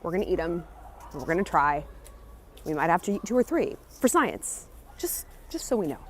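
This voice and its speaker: A woman talking to camera in a casual travel vlog, chatty, excitable and jokey, recorded outdoors on a handheld camera. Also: on the low side, brisk, noisy background. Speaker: travel vlogger. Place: outdoors on a café patio and in city streets.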